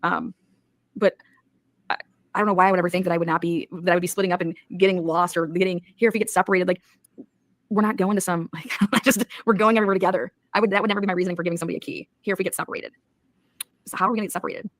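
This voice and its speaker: A woman's voice: lowish voice, fairly even intonation, very fast, dry recording. A woman hosting a casual true-crime talk, blunt, profane and incredulous. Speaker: podcast host.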